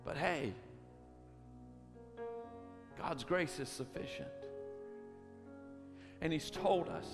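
A pastor preaching with a high-pitched voice that moves between hushed storytelling and loud, driving preaching. The sound carries a long reverb through a church hall, with soft music playing underneath. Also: male voice, animated, very slow, pauses often. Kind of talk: sermon. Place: church sanctuary.

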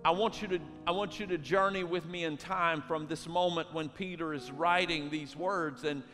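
A man preaching as a pastor, moving between hushed storytelling and loud preaching. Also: on the high side, steady tone, normal speed. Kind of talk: sermon. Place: church sanctuary. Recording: long church hall reverb with faint music.

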